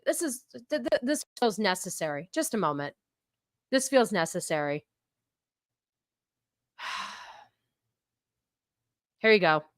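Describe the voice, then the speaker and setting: A woman streamer reacting to clips in casual commentary, sarcastic and ranting, mocking and quick to laugh. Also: medium pitch, big pitch swings, no room sound, clean studio sound.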